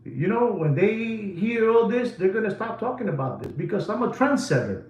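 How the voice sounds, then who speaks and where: A man's voice: high voice, big pitch swings, moderate pace, echoey room. Emphatic, repetitive male watch dealer. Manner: emphatic, repeats phrases over and over. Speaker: watch dealer hosting a live stream. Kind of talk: rambling live-stream talk.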